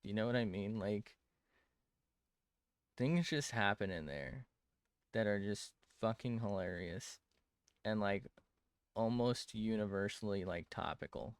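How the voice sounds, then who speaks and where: A young man chats loosely to his stream as he draws, rambling, swearing and mocking his own work. His voice sits on the low side. The sound is dry and close, with no room around it. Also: lively intonation, a little slow, pauses often, smooth, dry recording. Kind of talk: casual chat while drawing on stream.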